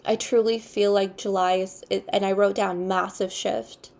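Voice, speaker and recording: A woman giving an intuitive tarot card reading, speaking in an unhurried, earnest way and repeating her spiritual phrases. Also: medium pitch, level tone, gravelly, darkish tone. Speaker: tarot reader.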